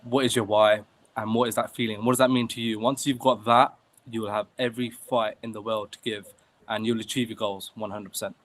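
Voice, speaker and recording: A man's voice: lowish voice, level tone, brisk, a bit bright. A man, a guest talking in an earnest, upbeat, motivational way during a casual interview over a video call. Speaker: guest, award winner.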